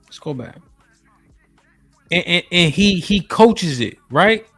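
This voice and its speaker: A man's voice: sits high, lively intonation, takes it slowly, fairly bright tone, faint music behind. A man hosting a live stream, talking casually and greeting chat viewers by name while he breaks down a video. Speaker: streamer host reacting to a video.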